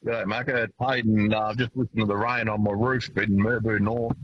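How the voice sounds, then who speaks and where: Halting Australian caller on a phone line. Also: male voice, fairly low pitch, little pitch movement. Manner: halting, repeats words, many fillers. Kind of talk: phone-in chat from a car. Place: driving in a car. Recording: dull phone line with faint noise.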